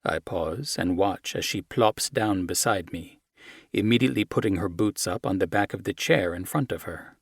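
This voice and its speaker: Low-voiced man reading a romance. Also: moderate pace, creaky, breathy edge, no echo, studio quality. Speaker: audiobook narrator. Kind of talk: scripted first-person romance narration.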